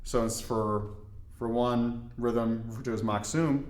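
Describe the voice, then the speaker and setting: A man from Indiana explaining hand-drum technique in a relaxed, step-by-step way with folksy asides. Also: mid-range voice, a little slow, reverberant, very noisy. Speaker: darbuka teacher. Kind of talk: instructional demonstration.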